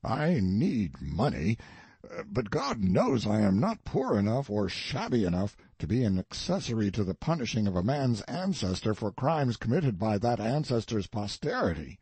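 A man's voice: fairly low pitch, big pitch swings, moderate pace, darkish tone, breathy edge, no room sound, full character voice. A man reading the part of a grandiose, eccentric old colonel in an audiobook, declaiming solemnly and pompously. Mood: grandiloquent.

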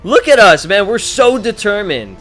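A man giving casual let's play commentary, excitable and swearing often, with frequent laughs. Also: high-pitched, normal speed. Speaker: gaming YouTuber. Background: game music.

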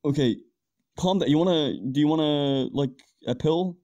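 Dude doing a chill regular guy in an audio story, casual and calming, bit of a high voice. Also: normal speed, highs cut off, natural voice. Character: laid-back young man, average buddy. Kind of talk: amateur audio drama.

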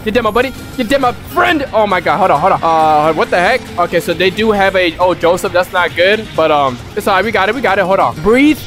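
A young man casually commentating his own gameplay, excitable and full of rapid repeated callouts. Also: high voice, faint music behind. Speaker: gaming YouTuber.

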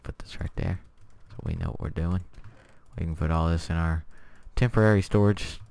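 A young man hosting a casual let's-play, chatty and excitable, with lots of fillers and little laughs to himself, keyboard clicks behind. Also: low-pitched, normal speed, vocal fry, clear, resonant tone, dry recording. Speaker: gameplay channel host. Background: keyboard typing and clicking.

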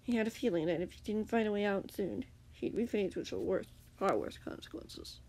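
Woman reading fanfiction with a lively, gravelly voice. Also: medium pitch, brisk, a little hiss or hum. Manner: casual reading with self-corrections and asides. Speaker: fanfiction narrator. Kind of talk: amateur story reading.

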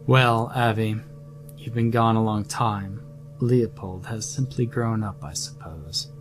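A man's voice: lowish voice, steady tone, slow, over music. Man playing a smug, sarcastic scheming doctor.

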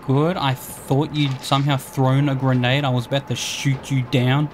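A woman's voice: extremely low pitch, flat delivery, normal speed, noisy background. A woman giving let's play commentary, ranting and swearing at enemies in exasperation. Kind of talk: gameplay commentary.

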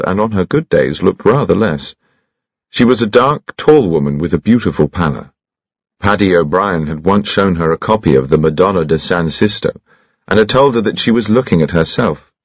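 Deep gravelly male audiobook narrator. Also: no room sound. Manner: expressive, measured storytelling. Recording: dry, slightly dull lo-fi.

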